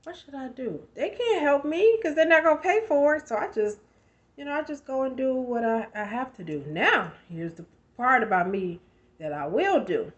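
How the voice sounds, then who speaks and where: A woman's voice: high-pitched, very animated, normal speed, highs cut off. A woman in her thirties giving a conversational motivational talk, emphatic and full of rhetorical questions. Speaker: motivational speaker.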